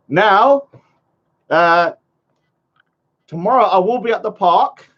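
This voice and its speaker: A man's voice: sits high, lively intonation, slow pace, long pauses, a bit bright. A man, vlogging casually to a live chat, rambling and mocking his critics. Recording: dull lo-fi sound.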